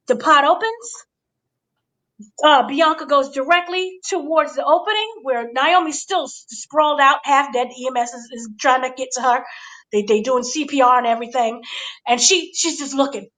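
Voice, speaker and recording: A woman's voice: high-pitched, a bit bright, poor audio. A woman recapping a wrestling match in a playful, gossipy way, acting out the quotes with gasps and dramatic voices. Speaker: entertainment editor recapping wrestling. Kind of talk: animated recap chat.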